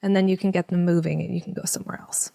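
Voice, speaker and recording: Woman gently explaining parenting steps. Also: lowish voice, steady tone, very fast, vocal fry, a little hiss or hum. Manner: acts out parent-child dialogues in a gentle soothing voice. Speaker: parenting educator. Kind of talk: conversational podcast explanation.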